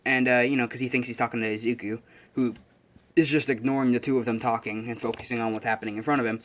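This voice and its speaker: A man's voice: mid-range voice, fairly even intonation, fast. A young man casually recapping a fan story idea in a rambling way, full of fillers and self-corrections.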